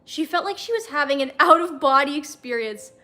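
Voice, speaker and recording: Brief: young woman, high voice, casual livestream read-aloud with wry asides. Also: animated, fairly quick, sharp tone. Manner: chatty, wry comments between passages. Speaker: livestream host reading fanfiction.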